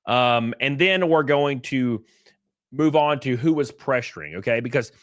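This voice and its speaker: Animated, profane man streaming live. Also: medium pitch, measured pace, dry recording, clean studio sound. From California. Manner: profane, laughing, acts out other people's voices. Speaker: livestream host. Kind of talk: casual livestream commentary reading chat.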